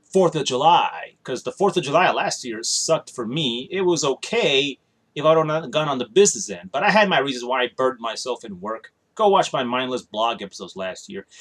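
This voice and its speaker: A tired man with a medium-pitched, slightly bright voice rambles bluntly in a casual home vlog. Talking straight to the camera in a small room, he complains offhandedly.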